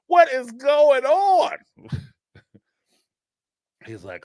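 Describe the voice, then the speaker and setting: A man's voice: very high voice, extremely slow, pauses often, no echo, studio quality. A man hosting a live call-in show, talking in a casual, rambling way and laughing often. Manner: animated and rambling, laughs often, acts out quotes. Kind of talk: casual commentary on a live stream.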